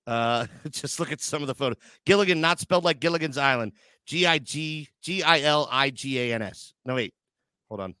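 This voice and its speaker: Bright, crisp-voiced joking male host. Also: on the high side, animated, moderate pace, dry recording. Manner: joking, crude banter, emotional asides. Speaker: podcast host. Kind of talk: casual live-stream chat.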